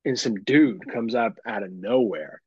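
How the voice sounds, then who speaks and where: A man co-hosting a podcast, telling a story in casual chat, animated and full of swearing. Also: on the low side, a little slow, breathy edge, dry recording. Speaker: podcast co-host. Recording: dull lo-fi sound.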